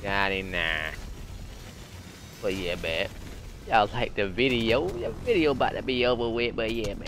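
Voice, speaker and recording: A young man casually commenting on his own gameplay as host, slangy and animated, repeating phrases and yelping when excited. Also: on the low side, normal speed, long pauses, a little hiss or hum. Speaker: gaming channel host.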